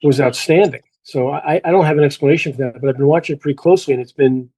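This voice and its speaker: Middle-aged man, golf coach guest, warm dark tone, halting with fillers. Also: on the high side, slightly rough, poor audio. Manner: halting, repeats words, many fillers. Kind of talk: casual remote interview chat.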